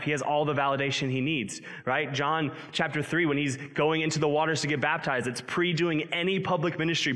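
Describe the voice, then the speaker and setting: A man's voice: fairly high pitch, a bit bright. A male pastor giving a sermon in a conversational, earnest way, with self-deprecating asides, in a church sanctuary. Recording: long hall reverb.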